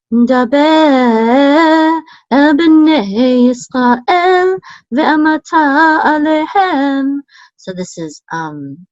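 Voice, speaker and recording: A woman teaching a Hebrew lesson, explaining patiently with many fillers and chanting words slowly. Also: on the low side, no echo. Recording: dull, lo-fi sound.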